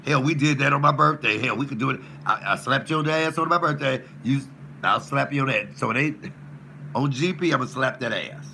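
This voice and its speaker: A man, a comedian, ranting profanely with loud trash talk and mock threats while cooking. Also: medium pitch, a little fast, vocal fry, slight background noise. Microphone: camera mic in a home kitchen.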